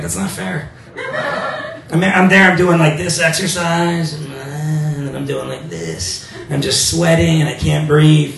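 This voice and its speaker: A male stand-up comedian with a crude, self-mocking manner and a voice going hoarse, swearing often on a club stage. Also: fairly high pitch, a bit bright, reverberant, far from the mic. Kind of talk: stand-up set.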